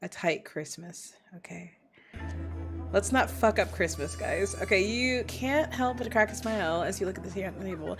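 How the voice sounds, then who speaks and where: A young woman streaming a game, reading its text aloud and bursting into loud, cursing, indignant rants. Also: mid-range voice, expressive, moderate pace, music in the background. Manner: swears a lot, laughs mid-sentence. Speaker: VTuber streamer. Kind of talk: casual gameplay commentary.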